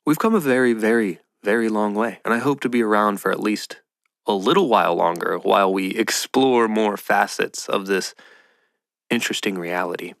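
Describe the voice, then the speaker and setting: A man with a lowish, gravelly voice rambles on in a loose, playful monologue. He slips into mock voices now and then. The sound is dry and close, with no room around it. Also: a bit bright, dry recording. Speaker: podcast host. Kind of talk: casual monologue.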